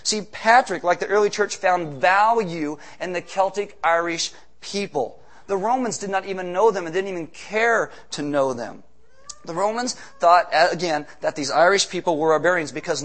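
A man preaching a sermon on stage, animated, with joking asides and shouts for emphasis. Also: high voice. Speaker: pastor. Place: church stage with slides.

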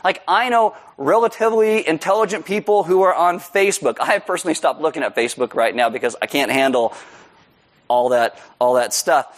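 A man preaching a sermon, joking about himself and acting out a story with loud, high shouted quotes. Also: fairly quick. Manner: joking, self-deprecating. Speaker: pastor.

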